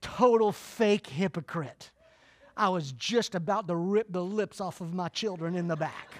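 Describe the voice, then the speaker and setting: A man's voice: sits high, moderate pace. Folksy Southern man giving a funny keynote. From Florida, US. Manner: folksy, animated storytelling with jokes. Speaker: keynote speaker. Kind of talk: humorous motivational speech. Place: conference room before a live audience.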